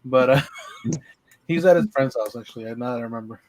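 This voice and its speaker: A man's voice: mid-range voice, fairly quick. A man chatting casually on a livestream in loose, rambling sentences. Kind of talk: casual chat.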